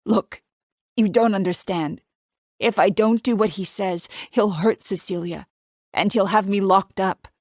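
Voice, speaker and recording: A woman voicing a frightened young wife held captive, who pleads in a strained, high tone in an audiobook. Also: unhurried, a little mellow, no room sound, studio quality, close to an everyday voice. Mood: pleading.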